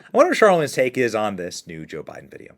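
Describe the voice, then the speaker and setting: A man hosting a political commentary show, reacting to clips in a mocking, animated way. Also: medium pitch, quick pace. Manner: mocking, animated, laughs often.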